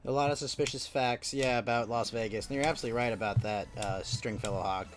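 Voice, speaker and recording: A man's voice: medium pitch, fast. A man in casual group talk on a live stream, arguing his points with many fillers and trailing phrases. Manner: argumentative, filler-heavy, trailing off. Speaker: stream participant.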